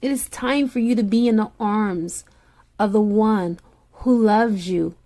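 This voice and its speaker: A woman's voice: medium pitch, unhurried, mellow. A woman tarot reader speaking straight to the listener in a soothing spiritual pep talk, repeating her encouragements.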